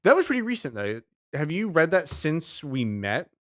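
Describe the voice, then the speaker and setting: A man co-hosting a podcast, asking quick follow-up questions and laughing often in casual chat. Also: fairly high pitch, huge pitch swings, a bit bright, no echo, clean studio sound. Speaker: podcast co-host.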